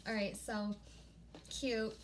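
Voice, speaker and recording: A woman vlogging a casual unboxing at home, gushing and easily excited, often breaking off mid-sentence. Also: on the high side, slow, noisy background. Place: home room.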